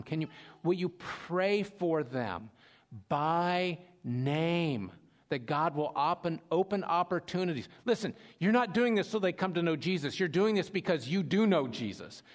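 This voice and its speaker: A man preaching a sermon as pastor, telling a story with lively swings between loud emphasis and quiet asides. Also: fairly high pitch, normal speed.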